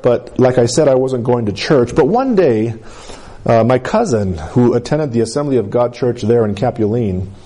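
A man preaching a sermon, telling his own testimony in an animated way, with quick asides and self-corrections. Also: mid-range voice.

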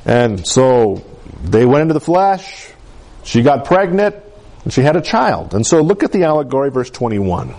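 A man with a fairly high voice preaches a sermon. His pitch swings widely as he acts out the people he quotes, rising and falling with each line. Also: big pitch swings, normal speed, darkish tone.

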